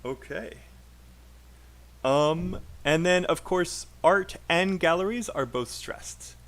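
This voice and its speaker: A man's voice: on the high side, slow pace, fairly bright tone. A man with a British accent teaching a live online IELTS class, patiently drilling sentences aloud and encouraging students.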